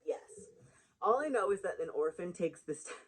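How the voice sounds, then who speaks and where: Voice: mid-range voice, lively intonation, normal speed, husky, low-quality recording. A rambling, chatty book vlogger talking casually to camera. They wander between thoughts and laugh at their own jokes. The sound comes from a built-in camera mic.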